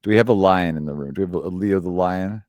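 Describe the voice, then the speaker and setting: Male host reading horoscopes, lowish voice, dry sound, loose and chatty with lots of "um" and restarts. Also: fast, a little mellow, dry recording. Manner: rambling, chatty, full of fillers and self-corrections. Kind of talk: casual live-stream chat.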